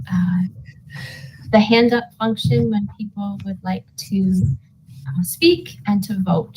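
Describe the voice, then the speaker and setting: Slow-spoken woman chairing a meeting. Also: mid-range voice, warm tone, a little hiss or hum, rough recording. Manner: friendly, with frequent filler pauses. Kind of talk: chairing an online board meeting.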